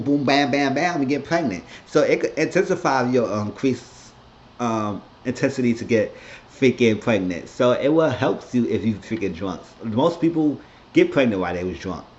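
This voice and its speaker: A man's voice: medium pitch, darkish tone, highs cut off, a little hiss or hum. A man giving a blunt, rambling, casual recap of a reality show episode on his vlog. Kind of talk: casual commentary.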